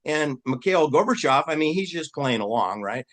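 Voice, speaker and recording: Animated man firing off mocking questions. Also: normal speed. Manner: animated, mocking rhetorical questions, pitch jumping up for emphasis. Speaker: channel host. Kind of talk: rambling casual commentary.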